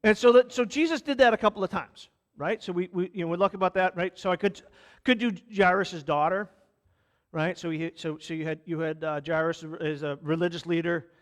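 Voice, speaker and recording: High-voiced man preaching a casual sermon. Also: fairly quick. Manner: conversational, with many restarts and acted-out quotes. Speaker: pastor.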